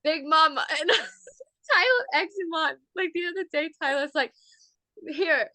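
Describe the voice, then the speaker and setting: A woman's voice: very high-pitched, lively intonation, normal speed, pushed and bright, no room sound. A young woman co-hosting a podcast, chatting casually and laughing often, with plenty of fillers. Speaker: podcast co-host. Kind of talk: casual chat.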